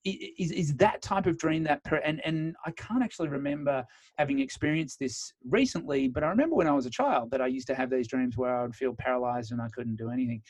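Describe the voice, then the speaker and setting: Male host, mid-pitch, chatty and informal, dry close mic. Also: fast, no echo. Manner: conversational, chatty storytelling, frequent ums. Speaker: podcast host. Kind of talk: casual podcast interview.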